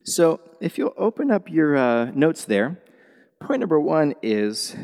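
A middle-aged male pastor delivering a sermon with a lively, swinging pitch. He acts out dialogue in different voices and laughs often. His voice carries a long reverb from the church hall. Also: unhurried.

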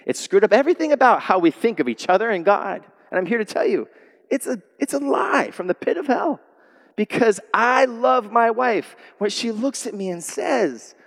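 A man preaching to his congregation with a wildly lively, slightly high voice, acting out the people he quotes as he goes. His words ring out with a long reverb from a large church hall. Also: moderate pace, vocal fry. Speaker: pastor. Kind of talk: sermon. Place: church sanctuary.

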